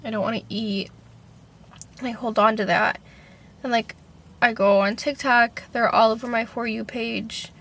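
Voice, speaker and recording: A woman's voice: on the high side, fairly even intonation, moderate pace, vocal fry, fairly bright tone. A young woman talking casually to camera in a personal vlog, rambling, filling with "like" and swearing freely. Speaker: vlogger.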